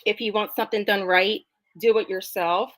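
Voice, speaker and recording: A middle-aged woman from New Jersey, a talk show guest, telling her personal story in an animated, emphatic way. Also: mid-range voice, moderate pace, rough recording. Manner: animated, emphatic, acts out dialogue. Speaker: interview guest.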